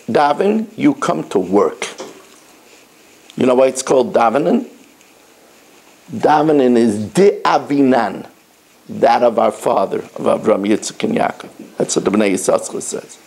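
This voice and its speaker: Animated, gravelly rabbi telling stories. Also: male voice, medium pitch, a little slow, long pauses. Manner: animated storytelling, emphatic repetition. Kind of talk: sermon to schoolboys.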